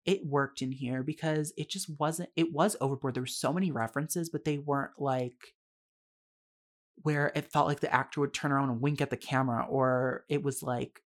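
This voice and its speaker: Speaking with a steady tone at medium pitch and moderate pace, a young adult podcaster reviews a film solo in a casual, candid way. The talk is full of fillers and asides, with free swearing and plenty of laughter.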